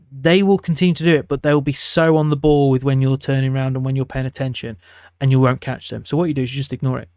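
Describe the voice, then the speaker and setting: Fast-talking chatty man teacher. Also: medium pitch, darkish tone, no echo, clean studio sound. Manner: rapid, chatty, acts out teacher and student quotes. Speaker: teacher giving classroom advice. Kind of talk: casual teaching talk to camera.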